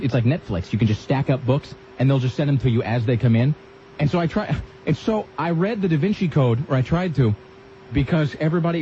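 Male talk radio host, quick, sarcastic, lo-fi with faint hiss. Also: on the high side. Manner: rambling, sarcastic, animated impressions. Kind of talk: casual radio banter.

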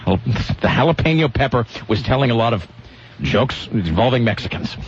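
This radio host, medium-pitched and expressive with a breathy edge, spins a rambling tale at a moderate pace amid casual on-air banter, often breaking off mid-thought. The sound is lo-fi broadcast quality.

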